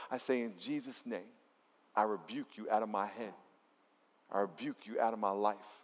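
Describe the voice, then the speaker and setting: A man's voice: medium pitch, long reverb tail. A man preaching a sermon as pastor at a church service, talking conversationally and emphatically and leading the congregation in call-and-response.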